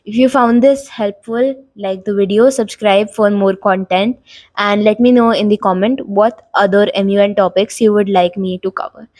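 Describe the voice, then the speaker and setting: A woman's voice: medium pitch, fairly even intonation, normal speed, darkish tone, dry recording. Young woman giving tutorial tips, dry sound. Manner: casual and instructive, frequent "like" fillers. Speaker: YouTube host giving tips. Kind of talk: talking-head tutorial.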